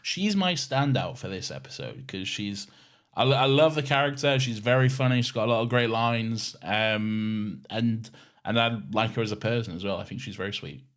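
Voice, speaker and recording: A man's voice: fairly low pitch, expressive, moderate pace, a bit bright. A man co-hosting a podcast, chatting casually, laughing often and swearing now and then. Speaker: podcast co-host. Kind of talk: casual chat.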